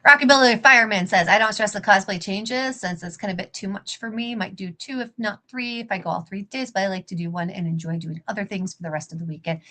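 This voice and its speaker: A woman's voice: mid-range voice, fast talker, few pauses, sharp tone. A woman hosting a crafting livestream, chatting casually and self-deprecatingly while she works on a costume. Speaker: livestream host and prop maker.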